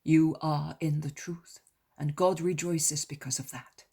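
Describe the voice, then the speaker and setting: A woman reading the part of Jesus, a calm, gentle male teacher, in a soft half-whisper. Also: deep voice, a little slow, gravelly, slightly rough, heavily acted. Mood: reassuring.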